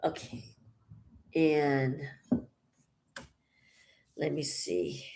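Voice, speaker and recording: A woman vlogging casually as she paints, out of breath and rambling with many pauses, thinking aloud. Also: extremely low pitch, very animated, dark tone. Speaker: channel host. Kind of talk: casual vlog while painting.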